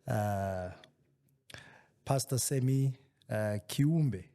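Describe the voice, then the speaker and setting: A man's voice: on the low side, measured pace, mellow. A man hosting a podcast interview, talking casually with frequent hesitant fillers. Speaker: podcast host.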